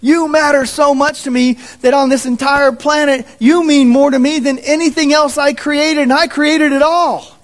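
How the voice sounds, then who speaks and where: A man's voice: very high voice, fairly even intonation, moderate pace, hardly any pauses, pitched above the performer's own voice. A man voicing God as a loving, patient fatherly creator who speaks in an earnest, reassuring way.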